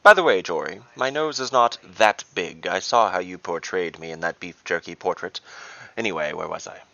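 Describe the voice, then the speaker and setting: A man's voice: low-pitched, moderate pace, gravelly, pushed and bright, no echo, full character voice. A man voicing a mischievous male halfling trickster god in a gleeful, teasing, theatrical way. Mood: playful. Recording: dull dry lo-fi recording.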